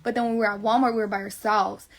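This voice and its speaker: A woman's voice: medium pitch, little pitch movement, rapid-fire. A young woman telling her viewers a long personal story, blunt, rambling and swearing a lot. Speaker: livestreamer.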